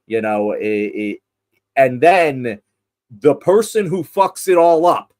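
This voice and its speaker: A man co-hosting a casual film podcast, animated and profane, often stumbling over repeated words. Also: mid-range voice, takes it slowly. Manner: animated, profane, stammering restarts. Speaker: podcast co-host.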